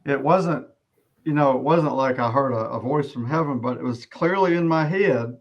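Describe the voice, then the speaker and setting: A middle-aged man giving an earnest personal testimony as an interview guest, often halting and restarting his sentences. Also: mid-range voice, muffled recording.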